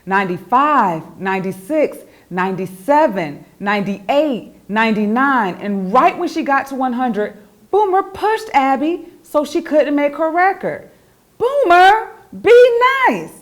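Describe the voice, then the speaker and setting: A woman, the author, reading her children's picture book aloud in an expressive, animated storytelling voice. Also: high voice, measured pace.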